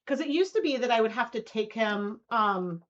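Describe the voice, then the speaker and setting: A woman in her thirties hosts a live stream, chatting easily while she works at her spinning wheel. Her voice sits on the high side and comes through muffled and lo-fi. She talks in a loose, giggly way. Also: lively intonation, normal speed, fairly bright tone. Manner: chatty, giggly, cooing baby talk to her dog. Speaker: fiber arts channel host.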